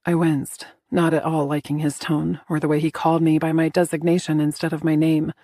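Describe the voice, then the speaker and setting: A woman narrating a first-person romance audiobook in a soft, intimate storytelling manner. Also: deep voice, little pitch movement, a little fast, no echo, clean studio sound.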